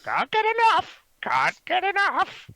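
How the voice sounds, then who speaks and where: A man voicing a talking crow with a shrill, screeching squawk. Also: sing-song, takes it slowly, vocal fry, bright, forceful tone, dry recording, exaggerated voice.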